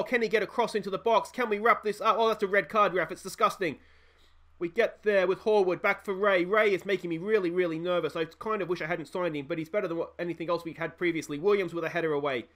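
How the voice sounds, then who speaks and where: A young Australian man commentating his own football management game, talking to the players and yelling at the screen when it gets tense. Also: high voice. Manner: animated, yells at the screen. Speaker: gaming channel host. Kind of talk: excited let's-play commentary.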